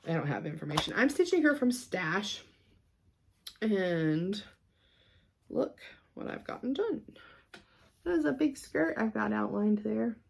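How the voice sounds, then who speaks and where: Woman rambling thru her stitching projects, lotta vocal fry, loses her train of thought and laughs it off. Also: medium pitch, animated, unhurried, long pauses, slight background noise. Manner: chatty and scattered, trails off and laughs at herself. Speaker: cross-stitch vlogger. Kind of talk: casual show-and-tell chat.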